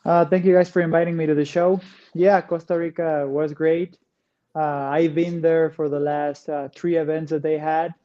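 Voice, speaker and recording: A man from Mexico with a Spanish accent, a guest answering interview questions in an easygoing way, pausing often on "uh.". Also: fairly high pitch, level tone, mellow, dull audio. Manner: easygoing, frequent "uh" pauses. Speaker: guest, pro racquetball player.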